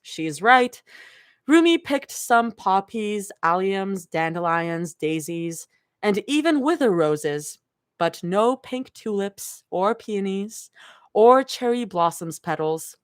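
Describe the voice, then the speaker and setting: A woman's voice: mid-range voice, expressive, takes it slowly, clear, resonant tone. A woman reading fan fiction aloud live, breaking off to laugh and react.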